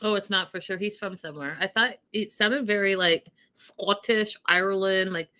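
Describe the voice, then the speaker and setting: Bright-voiced woman hosting a casual recap. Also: medium pitch, normal speed. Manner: animated, laughing, addresses viewers as y'all. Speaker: reality TV recap host.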